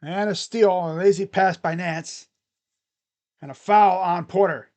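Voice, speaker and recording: High-voiced excitable play-by-play man. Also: unhurried. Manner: excitable calls that drop to mumbled asides. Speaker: streamer doing live play-by-play. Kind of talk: casual live play-by-play commentary.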